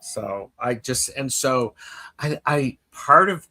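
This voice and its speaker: A man's voice: mid-range voice, expressive, slow pace, bright, forceful tone. A man hosting a podcast in casual chat, telling stories in a rambling way with many fillers and restarts. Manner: reads listener comments aloud. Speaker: podcast host.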